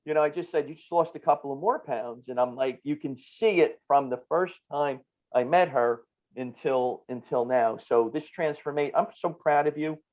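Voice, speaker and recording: A man's voice: fairly high pitch, normal speed, darkish tone. A man with a New Jersey accent hosting a podcast, talking in an upbeat, playful, enthusiastic way with his guest. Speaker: podcast host. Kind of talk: casual interview chat.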